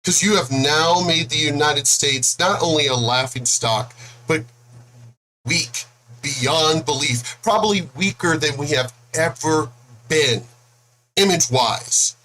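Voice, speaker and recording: A man's voice: on the high side, slow pace, sharp tone, slight background noise, poor audio. A man, ranting angrily and profanely to camera in a political video blog. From El Paso, Texas. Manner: angry, profane, mocking. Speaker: video blogger.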